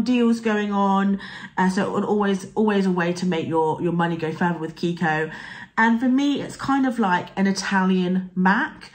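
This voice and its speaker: A young woman with a morning voice, chatting casually as a beauty vlogger through a makeup tutorial, full of fillers and friendly asides. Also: mid-range voice.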